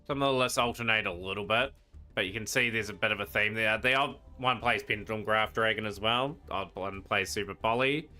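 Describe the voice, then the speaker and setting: A man casually commenting while he streams a card game, rambling and trailing off into quiet asides. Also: lowish voice, fairly quick. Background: game music.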